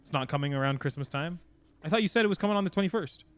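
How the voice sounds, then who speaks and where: While playing a game on stream, this man talks loosely to chat, wandering from topic to topic and laughing a lot. His slightly high voice sounds animated and races along.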